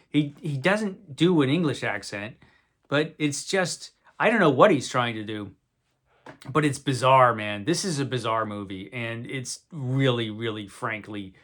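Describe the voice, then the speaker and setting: A man's voice: medium pitch, a bit bright. A man hosting a video, casually talking through films he likes with wry, rambling asides and frequent self-corrections. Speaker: video host reviewing movies. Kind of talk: casual unscripted talk to camera.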